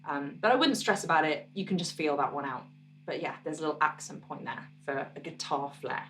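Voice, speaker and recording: A woman musician teaching her own song on guitar, explaining parts in a relaxed, encouraging way and counting beats aloud. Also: low-pitched, fairly quick, recorded from a distance, slight background noise.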